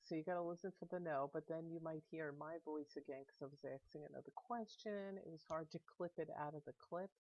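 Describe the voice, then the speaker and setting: A woman's voice: sits low, brisk, few pauses, darkish tone, no echo, muffled recording. A woman narrating her paranormal vlog in a plain, chatty way, explaining things step by step. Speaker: paranormal vlogger. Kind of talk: casual narration over clips.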